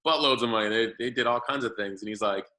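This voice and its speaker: A man's voice: mid-range voice, fast, sharp tone, low-quality recording. A man in his thirties, a podcast guest, telling his story in a loose, rambling way with many fillers and restarts. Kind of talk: casual storytelling interview.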